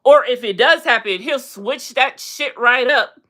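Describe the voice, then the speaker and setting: A woman's voice: unhurried, pushed and bright. A woman hosting a casual live stream, chatting bluntly and sassily about celebrity and reality TV gossip and calling out to viewers. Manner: sassy and blunt, with big pitch swings. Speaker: livestream host.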